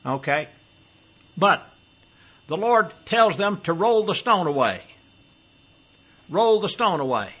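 With long pauses and a slow, sing-song delivery, an older preacher speaks in a high, somewhat bright voice with a breathy edge. He quotes scripture, then unpacks its meaning, often asking the congregation questions as he goes.

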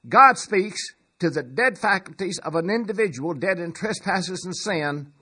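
A man preaching a sermon, slow and measured, swelling to loud emphatic peaks. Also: on the high side, husky.

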